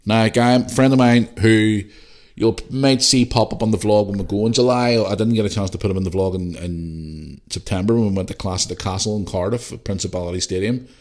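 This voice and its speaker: A man with a deep, low voice recounts a story on his solo podcast. He talks casually and swears freely, often quoting what he thought at the time. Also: brisk, darkish tone. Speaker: podcast host.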